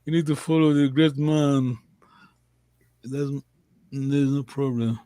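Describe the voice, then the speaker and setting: A man teaching a language lesson, giving slow, patient and encouraging drills. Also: mid-range voice, fairly even intonation, mellow, no echo.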